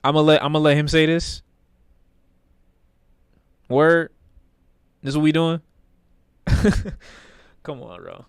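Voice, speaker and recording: A man's voice: a little high, takes it slowly, vocal fry, pauses often, clear, resonant tone, no room sound, studio quality. A man streaming live, reacting to videos with blunt, profane, rambling commentary in a casual way.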